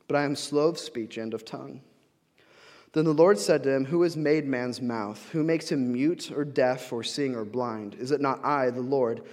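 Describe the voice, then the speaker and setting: A man's voice: medium pitch, darkish tone. Casual young male preacher in a reverberant hall. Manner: casual, frequent fillers and restarts, acts out quoted voices. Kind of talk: conversational sermon.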